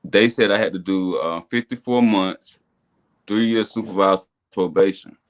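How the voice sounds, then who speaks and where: A man, a podcast guest, telling a personal testimony in casual chat, animated and repetitive, rising to excited high bursts. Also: unhurried. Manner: animated storytelling, repeats words, builds to excited high bursts. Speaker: podcast guest, business owner.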